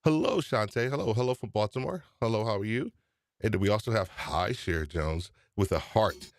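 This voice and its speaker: A man's voice: fairly low pitch, normal speed, no echo, clean studio sound. A man hosting a live-stream podcast, upbeat and chatty, often repeating his phrases. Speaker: podcast host.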